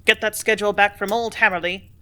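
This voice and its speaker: A woman reading a story, voicing a blustering male factory superintendent who speaks loudly and brusquely. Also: mid-range voice, steady tone, fast, lightly acted. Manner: loud, brusque, bullying.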